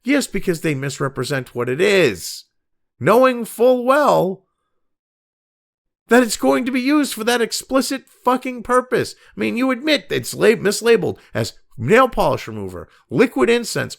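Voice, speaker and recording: This middle-aged host's high, very animated voice carries vocal fry and runs at normal speed with hardly any pauses. He reacts to the news in an angry, sarcastic rant full of profanity.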